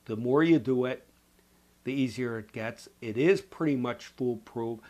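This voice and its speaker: Sick with a cold, a man from the Chicago area, USA, answers viewer comments as a painting instructor, rambling in a folksy Chicago accent with frequent "you know". He speaks a little slowly, with a medium-pitched, darkish voice.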